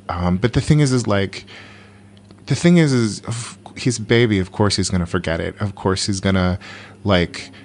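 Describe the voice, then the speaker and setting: A man in his forties speaks with a fairly low voice, telling stories casually as a comedian guest. He rambles through fillers and restarts and laughs often as he talks. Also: slight background noise. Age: 40s. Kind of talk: casual conversational storytelling.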